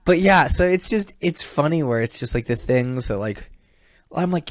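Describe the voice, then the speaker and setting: A man, a comedian, telling stories in a casual podcast chat. He laughs often and acts out quoted people with sudden high voice jumps. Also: animated, normal speed, dry recording, studio quality. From California. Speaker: comedian and baseball mascot performer, podcast guest. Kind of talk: animated storytelling in a casual chat.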